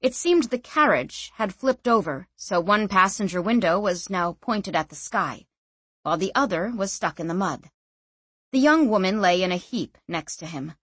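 Female audiobook narrator, steady even read, dry close studio sound. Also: mid-range voice, moderate pace, slightly rough, dry recording. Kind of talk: scripted fantasy audiobook narration.

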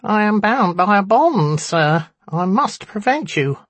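A man voicing a proud little male imp guarding a door, with a squeaky, nasal, polite voice. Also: sing-song, takes it slowly, fairly bright tone, no echo, exaggerated voice. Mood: prim squeak. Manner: polite, dutiful, nervous.

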